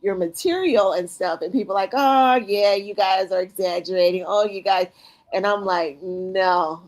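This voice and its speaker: Woman, live-stream guest, casual animated chat, mid-range pitch, quotes herself for effect. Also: normal speed. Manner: acts out her own reactions in quoted asides.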